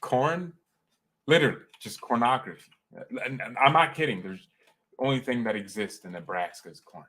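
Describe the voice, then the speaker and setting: A man hosting a fan live stream, rambling and joking with chat, swinging from calm talk to loud excited outbursts. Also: on the low side, measured pace, pauses often.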